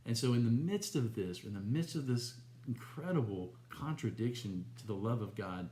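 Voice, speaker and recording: A man giving an earnest, gentle personal faith testimony to viewers. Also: mid-range voice, lively intonation, moderate pace, roomy sound. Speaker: Christian teacher.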